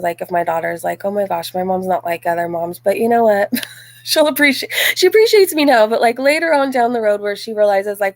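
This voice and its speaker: A woman's voice: medium pitch, gravelly. A woman in her forties hosting a casual live stream, reading chat messages and talking them over in a loose, chatty way full of "like" and "um". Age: 40s. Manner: chatty, frequent "like" and "um", laughs easily.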